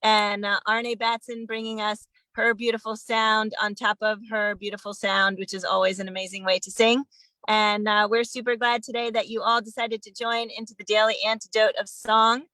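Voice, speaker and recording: A woman hosting an online sing-along, warmly greeting viewers one by one over a phone video call. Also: medium pitch, flat delivery, normal speed, dry recording, rough recording. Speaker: host.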